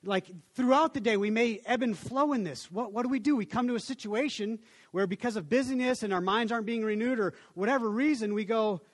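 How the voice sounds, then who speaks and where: A man's voice: sits high, a little fast. A man preaching a casual sermon as a pastor, talking conversationally with many restarts and acting out people's inner voices.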